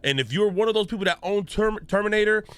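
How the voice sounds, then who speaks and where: A man's voice: high voice, fast, a bit bright, clean tone, no echo. A man, a gaming streamer, giving ranting news commentary in a profane, storytelling way with exaggerated reactions.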